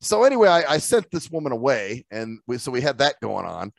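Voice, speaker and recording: A man's voice: medium pitch, big pitch swings, fairly quick, gravelly, dry recording. Swearing, laughing man telling stories. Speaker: podcast co-host. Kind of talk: casual chat.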